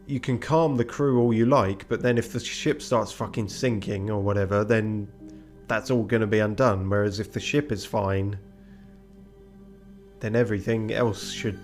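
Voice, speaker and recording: A man streaming a game, making dry, muttered asides with some swearing. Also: lowish voice. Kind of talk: casual let's-play commentary.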